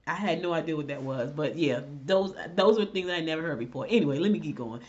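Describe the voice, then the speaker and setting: A middle-aged woman with a blend of Southern and Northern US accent, hosting and telling stories in casual chat, animated and direct. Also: sits low, fast, few pauses. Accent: mix of Southern US and Northern US. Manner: animated storyteller, chatty and direct. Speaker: host. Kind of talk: casual chat and horoscope reading. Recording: dull lo-fi recording.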